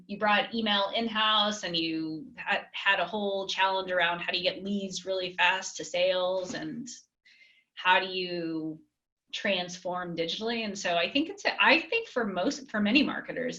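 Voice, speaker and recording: A woman's voice: on the low side, pushed and bright, lo-fi sound. A woman guest on a podcast, chatty and easy-laughing, talking through her work with casual fillers. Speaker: guest, marketing director. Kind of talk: casual interview.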